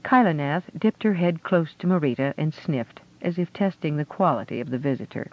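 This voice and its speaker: A man narrating a fantasy audiobook with a steady storytelling delivery. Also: a little high, fairly quick. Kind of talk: scripted narration. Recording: dull lo-fi audio.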